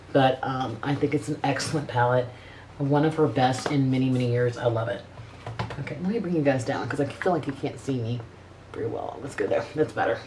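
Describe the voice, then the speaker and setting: A woman's voice: a bass voice, noisy background. Blunt, foul-mouthed middle-aged woman vlogger. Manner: blunt, profane and frank; chatty, rambling with many restarts. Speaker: beauty vlogger. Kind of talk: casual makeup review chat.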